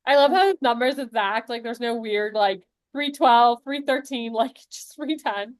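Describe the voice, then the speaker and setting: A woman's voice: fairly high pitch, moderate pace, no echo, clean studio sound. A young woman co-hosting a podcast, chatting casually and laughing as she tells stories. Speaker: podcast co-host, new mother. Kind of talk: casual chat.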